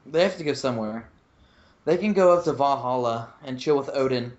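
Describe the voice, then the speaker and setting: A man appearing as a guest correspondent on a podcast, chatting in an offhand, joking way with a mocking edge. His voice has an ordinary middle pitch. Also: fairly quick, darkish tone, highs cut off. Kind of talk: casual podcast banter.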